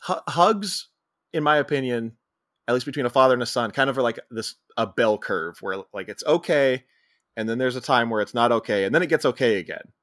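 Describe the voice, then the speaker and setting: A man co-hosting a podcast, recapping a comedy scene by scene and acting out characters' lines in quick put-on voices. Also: mid-range voice, lively intonation, a bit bright, no room sound, clean studio sound. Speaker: podcast co-host. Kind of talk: casual movie recap chat.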